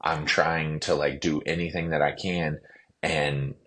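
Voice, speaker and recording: Super deep-voiced guy, clinician guest on a podcast, casual animated storytelling, lots of "like". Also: measured pace. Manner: animated storyteller, heavy use of "like" and "you know".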